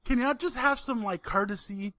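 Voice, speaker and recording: A man's voice: very high-pitched, a little fast, sharp tone, no room sound, clean studio sound. A man co-hosting a podcast, complaining in an exasperated way and repeating himself in casual chat. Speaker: podcast co-host.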